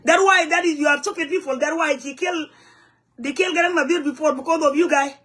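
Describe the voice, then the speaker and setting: High-voiced woman. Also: a little fast, a bit bright. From South Sudan. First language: Nuer. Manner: heated, blunt, broken English mixed with Nuer phrases. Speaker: community vlogger. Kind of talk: angry direct-to-camera rant. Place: home in the U.S.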